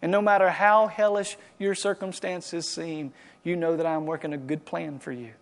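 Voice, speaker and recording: A male pastor preaching to a congregation and leading a prayer, swinging from loud impassioned exhortation to quiet, hushed pleading. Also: fairly high pitch, fairly even intonation, normal speed. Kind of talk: sermon and closing prayer. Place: church service.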